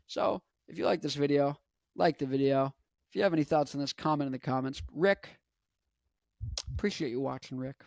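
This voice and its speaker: A man in his twenties, a rock musician vlogging, talking casually with frequent restarts and excited jumps in energy. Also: gravelly, no echo. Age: 20s. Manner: chatty, animated, swings up to excited highs and back; frequent restarts and repeated phrases. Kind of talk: casual rambling monologue.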